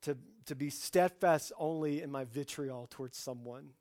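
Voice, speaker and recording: Male pastor, forties, slightly high voice, chatty sermon delivery with sudden loud peaks, dry close mic. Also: moderate pace, dry recording. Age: 40s. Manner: conversational preaching, swings from hushed to loud animated outbursts.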